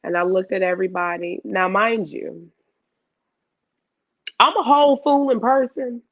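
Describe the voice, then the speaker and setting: Woman, gravelly voice, animated storyteller, dry slightly dull sound. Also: mid-range voice, measured pace, no echo. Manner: animated storyteller acting out her own past lines. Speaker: guest. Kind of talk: casual storytelling chat.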